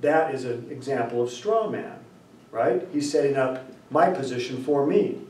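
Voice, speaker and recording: A man lecturing and telling a story, acting out the dialogue, often clearing his throat. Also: mid-range voice, normal speed, slight background noise. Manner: animated, acts out dialogue, frequent throat clearing. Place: lecture room. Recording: roomy lecture hall from far off.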